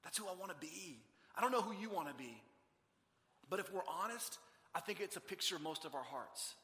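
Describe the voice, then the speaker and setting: A man preaching a sermon as pastor, earnest, swinging between loud emphasis and hushed intimate passages. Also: high voice, expressive, fairly quick. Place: church sanctuary. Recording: long reverb of a large hall.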